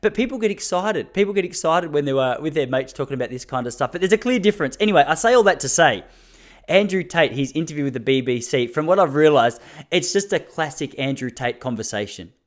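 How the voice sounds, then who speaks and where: A man's voice: fairly high pitch, lively intonation, fast. An Australian man in his thirties hosting a solo podcast, talking bluntly and laughing between points. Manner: fired-up, blunt, laughs often, acts out quotes. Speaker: podcast host. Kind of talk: casual solo podcast monologue.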